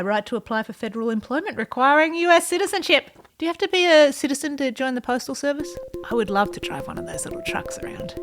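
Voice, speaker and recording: A woman vlogger in her thirties talks casually and playfully, her voice sitting a little high. She slips in dry asides and drops to a whisper for the odd joke. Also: fairly bright tone. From non-US, immigrant to the USA. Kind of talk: casual personal vlog narration.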